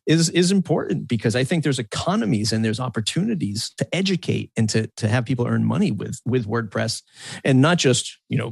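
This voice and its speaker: A man with a gravelly, creaky voice at an ordinary pitch, chatting on a panel podcast. He rambles and restarts his sentences in a loose, conversational way. The sound is close and dry. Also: no room sound. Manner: rambling, self-correcting, laughs often. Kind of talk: casual panel discussion.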